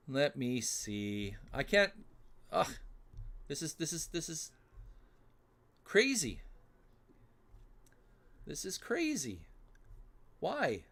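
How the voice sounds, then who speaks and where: Man, livestream host, unhurried drawl, frustrated muttering, talking to chat at a desk mic. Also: a little high, wildly swooping pitch. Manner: flustered, muttering to himself while fumbling with software. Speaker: livestream host running a giveaway. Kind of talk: casual solo livestream chat.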